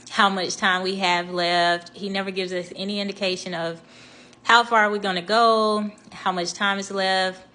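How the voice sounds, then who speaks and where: Young woman, casual storyteller, chatty with frequent ums and laughs, mid-pitched voice. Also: fairly even intonation, moderate pace, pushed and bright. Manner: chatty, laughing, many fillers and restarts.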